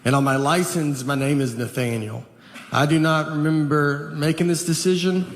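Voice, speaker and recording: A man with a Southern US accent doing a stand-up comedy set, telling stories in a slow, deadpan way with trailing pauses. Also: on the high side. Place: comedy stage with live audience. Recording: noisy live audience recording.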